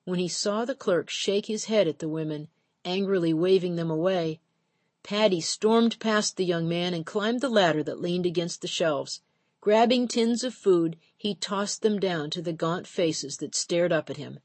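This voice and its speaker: A woman narrating an audiobook in a measured, steady storytelling voice. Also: fairly low pitch, no room sound. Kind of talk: scripted narration.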